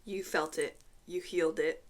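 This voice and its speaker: A woman giving an intuitive tarot reading to camera, speaking haltingly, repeating words, clearing her throat, and dropping to a hushed voice when she names cards. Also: low-pitched, fairly even intonation. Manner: soft, hushed drops when naming cards. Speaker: tarot reader.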